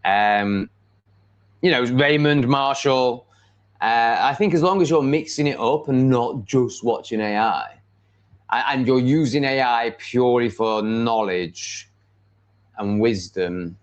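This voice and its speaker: A man with an English accent speaks slowly at medium pitch while hosting a casual live stream. He rambles with blunt confidence and many fillers such as um and like, and the audio comes through dull and lo-fi.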